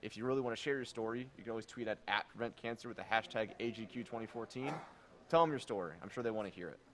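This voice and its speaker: A man's voice: lowish voice, very fast, fairly bright tone. A man hosting a charity live stream, reading donation comments aloud in a casual, jokey way.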